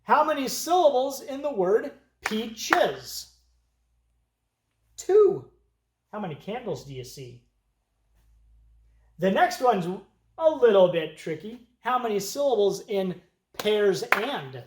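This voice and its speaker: An elementary music teacher teaching young children, speaking slowly and patiently and counting beats aloud. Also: mid-range voice, sing-song, echoey room, background noise.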